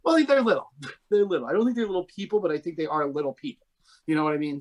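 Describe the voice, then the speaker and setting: High-voiced rambling Baltimore man. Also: animated, quick pace. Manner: rambling, jokey, full of "like" and restarts. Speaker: podcast co-host. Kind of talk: casual comedic chat.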